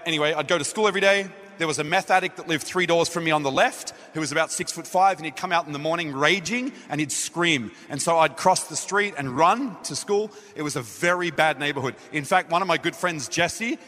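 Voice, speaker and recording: An Australian man preaches to a gathering, his voice bright and a little high for a man. He tells his story with animation and acts out what he said back then. A long reverb from the hall follows every phrase. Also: brisk, hardly any pauses. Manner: animated storytelling, acting out his own dialogue. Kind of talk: sermon. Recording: echoey hall.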